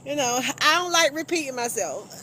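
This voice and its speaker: A woman's voice: sits high, expressive, moderate pace, bright, forceful tone, a little hiss or hum. A woman hosting a casual live stream, chatting with viewers, teasing and laughing often.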